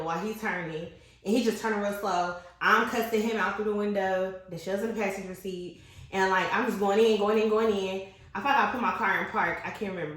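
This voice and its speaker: A woman in her twenties telling a personal story in casual, slangy podcast chat. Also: fairly low pitch. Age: 20s. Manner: animated, candid, slangy storytelling. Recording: very echoey room.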